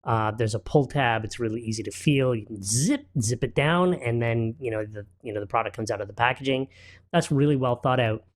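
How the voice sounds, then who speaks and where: A man appearing as an entrepreneur guest on a talk show, relaxed and storytelling, with frequent fillers. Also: medium pitch, fairly quick. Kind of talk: casual studio interview.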